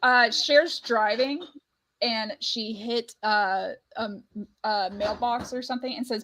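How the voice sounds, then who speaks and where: Chatty woman podcast host, higher voice. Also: slow pace, fairly bright tone, slight background noise, poor audio. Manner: chatty, laughs often, quotes film lines. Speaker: book club podcast host; parent. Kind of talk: casual chat.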